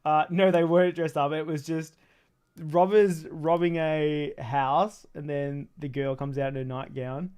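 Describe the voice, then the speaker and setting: A man's voice: a little high, flat delivery, unhurried, darkish tone, clear, resonant tone. Rambling, crude male streamer. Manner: rambling, crude and joking, laughs often. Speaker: streamer building a toy kit. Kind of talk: casual livestream chat.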